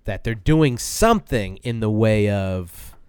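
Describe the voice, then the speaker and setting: A man's voice: lowish voice, expressive, slow, darkish tone, smooth, dry recording. A man co-hosting a podcast, chatting casually and thinking aloud with fillers. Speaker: podcast co-host. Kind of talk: casual chat.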